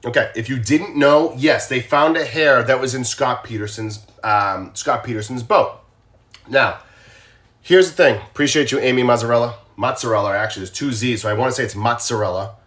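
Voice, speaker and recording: Speaking at a moderate pace with a medium-pitched, fairly bright tone, this Boston-accented man runs a casual true crime livestream. He addresses viewers directly, asking them questions more than once.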